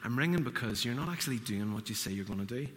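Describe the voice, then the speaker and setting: A man's voice: mid-range voice, lively intonation, fast talker, a bit bright. A man preaching a sermon, telling a story and acting out the quotes. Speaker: pastor. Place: church hall. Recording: church hall reverb.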